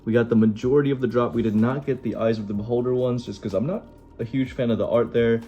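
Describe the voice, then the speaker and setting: A young man casually chatting as he hosts a card unboxing, relaxed and enthusiastic. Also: mid-range voice, quick pace, dull audio, faint music behind. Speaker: card-opening host.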